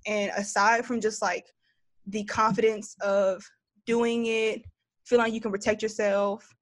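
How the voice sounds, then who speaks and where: A woman's voice: medium pitch, measured pace, no room sound. Chatty young woman guest, dry sound. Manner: chatty, lots of "like", animated storytelling. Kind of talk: casual conversational interview.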